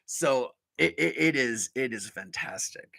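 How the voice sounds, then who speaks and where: A man hosting a live podcast in casual chat, talking in excitable, rambling bursts. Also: medium pitch, unhurried, gravelly, no echo. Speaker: podcast host.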